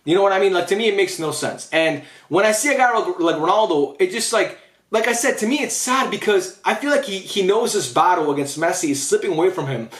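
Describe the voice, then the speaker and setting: A man's voice: high voice, animated, fairly quick, a bit bright, echoey room. A young man giving a blunt, opinionated football rant to camera for his channel, often saying "bro". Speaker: YouTube football commentator.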